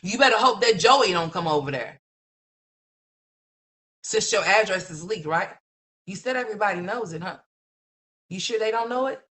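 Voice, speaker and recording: A woman's voice: mid-range voice, lively intonation, moderate pace, long pauses, fairly bright tone. A woman hosting a livestream, ranting in a blunt, mocking, profane gossip commentary full of rhetorical questions.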